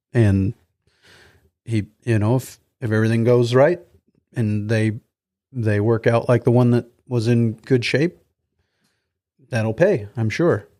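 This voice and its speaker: A man's voice: medium pitch, warm tone. A man hosting a podcast interview in an easygoing, folksy way, laughing often. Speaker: podcast host.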